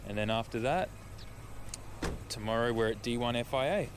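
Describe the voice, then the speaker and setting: A man's voice: medium pitch, normal speed. Rambling man chatting beside his car. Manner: rambling, upbeat, many fillers. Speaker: car streamer. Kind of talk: casual chat to stream viewers. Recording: outdoor noise behind the voice.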